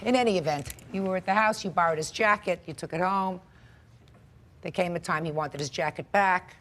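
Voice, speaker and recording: A woman's voice: fairly low pitch, fairly quick, a bit bright, a little hiss or hum. A blunt, sardonic older woman questioning a plaintiff as a TV courtroom judge.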